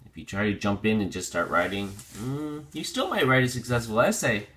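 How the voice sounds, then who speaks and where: A man teaching a vocabulary lesson, drilling pronunciation slowly and restating each point in other words. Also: on the low side, expressive, fairly bright tone. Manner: slow, deliberate pronunciation drills; explains with repetition and restatement.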